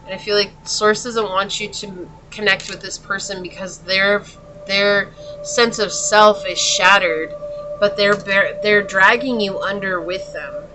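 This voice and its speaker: A woman's voice: medium pitch, noisy background. A woman doing a pick-a-card tarot reading, talking straight to the viewer in an earnest, consoling way. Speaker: tarot reader.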